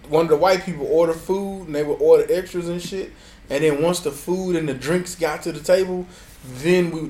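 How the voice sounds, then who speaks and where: Animated, profane male storyteller. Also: on the high side. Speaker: podcast co-host. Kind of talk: casual storytelling chat.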